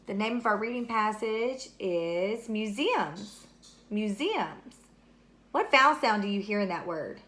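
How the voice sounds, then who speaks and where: A woman's voice: mid-range voice, animated, unhurried, a bit bright. A woman teaching a third-grade word study lesson on video, asking questions and answering them herself in a patient, encouraging way.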